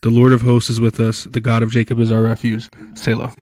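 A man reading scripture aloud in a steady, even delivery. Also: medium pitch, fast talker, dry recording, rough recording.

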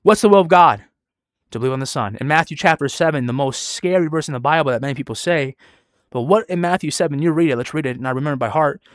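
A man preaching a sermon and reciting Bible verses in old-fashioned wording, swinging between loud, fast exhortation and quiet, slow storytelling. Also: a little high, no room sound, clean studio sound. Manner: quotes Bible verses in King James wording. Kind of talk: street-style sermon with scripture reading. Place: online virtual world.

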